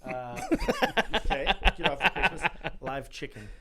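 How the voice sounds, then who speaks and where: A man's voice: medium pitch, unhurried. A Canadian man telling a wedding story in casual chat with friends, laughing as he goes. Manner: animated, laughs through his stories. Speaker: podcast guest.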